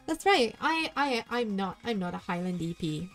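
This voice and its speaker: A woman's voice: medium pitch, big pitch swings, faint music behind. A woman from southwest England with a West Country accent, rambling through chatty let's play commentary as a VTuber streamer. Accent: West Country English. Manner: rambling, chatty, quick tangents.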